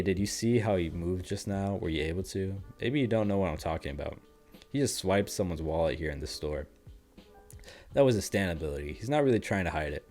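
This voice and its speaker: A man's voice: low voice, a little mellow. A man hosting a manga reaction, reading aloud and commenting in a loose, chatty way with frequent swearing and laughter. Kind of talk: casual reaction and read-aloud.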